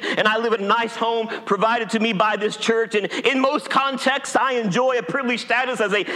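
A man's voice: very high voice, pushed and bright. A male pastor from Appalachia preaching a sermon in a church, folksy and humorous. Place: church sanctuary. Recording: long hall reverb.

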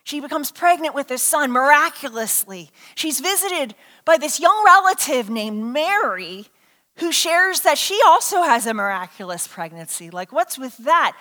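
High bright-voiced woman preaching a sermon. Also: moderate pace. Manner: animated storytelling, asks the congregation questions. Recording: hall reverb.

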